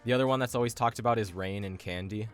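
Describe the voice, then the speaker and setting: Fast-talking man with a lowish voice. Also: clean tone, faint music behind. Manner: casual, slangy, opinionated. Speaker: language-learning video host. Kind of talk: casual explainer video narration.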